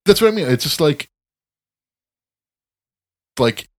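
A man co-hosting a podcast in casual chat, rambling and profane, ranting with animated emphasis. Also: a little high, takes it slowly, dry recording. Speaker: podcast co-host.

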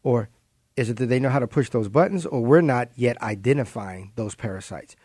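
A man's voice: mid-range voice, a little fast, darkish tone, husky, no room sound. Earnest man telling a story up close. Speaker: co-host. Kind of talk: casual faith-based podcast chat.

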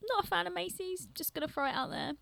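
A woman's voice: very high voice, animated, fast, gravelly, fairly bright tone, no echo. A young woman with a London accent, chatting casually as a guest, laughing often and filling her talk with "like" and "um". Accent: London English. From London, England. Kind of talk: casual chat.

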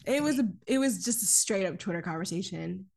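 A woman co-hosting a podcast, recapping a film in casual chat, animated, laughing often and swearing freely. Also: mid-range voice, fairly quick, gravelly.

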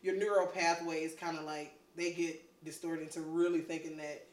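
A woman's voice: low voice, level tone, moderate pace. Laughing woman co-host, roomy room. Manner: laughs often, loose and joking. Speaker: podcast co-host. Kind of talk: casual chat. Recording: roomy, distant mic.

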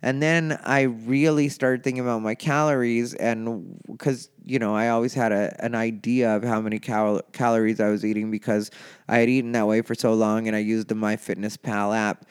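A man talking casually and candidly on his own show, rambling from thought to thought and getting animated, tired and yawning. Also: fairly low pitch, moderate pace, clear, resonant tone. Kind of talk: casual solo talk.

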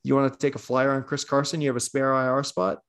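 A man's voice: medium pitch, flat delivery, fast, fairly bright tone, clean tone. A man with a Long Island accent in a casual sports chat, laid-back and wry.

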